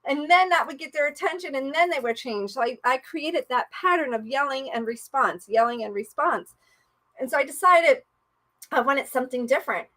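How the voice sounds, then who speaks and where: A woman's voice: high-pitched, normal speed, pushed and bright. A woman life coach leading a live-streamed coaching session, playful and encouraging in a chatty way.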